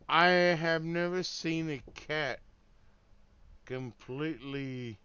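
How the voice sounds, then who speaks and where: A man's voice: medium pitch, animated, takes it slowly, long pauses, fairly bright tone, clear, resonant tone, highs cut off. A man streaming a game, telling a meandering story in laid-back, swearing casual chat full of fillers. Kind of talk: rambling casual chat while gaming.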